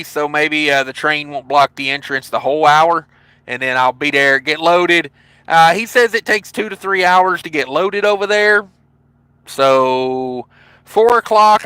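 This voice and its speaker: A man's voice: fairly high pitch, sharp tone, clean tone, dry recording, poor audio. A man with a Southern accent from Tennessee, a trucker hosting a casual livestream from his truck cab, reading viewer comments with laid-back, jokey asides. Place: parked truck cab at a truck stop.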